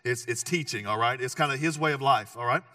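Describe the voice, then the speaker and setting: A man's voice: mid-range voice, quick pace, pushed and bright, dry recording, clean studio sound, recorded from a distance. A man preaching a sermon as pastor, conversational and joking, with emphatic repeated phrases.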